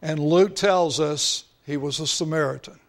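A man's voice: on the high side, a little slow. A male pastor preaching a sermon, earnest, drawing out key words for emphasis.

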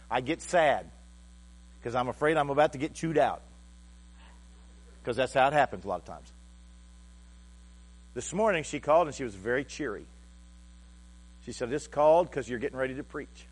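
A male pastor preaching a sermon in a halting, heartfelt way, often repeating words as he restarts. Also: medium pitch, animated.

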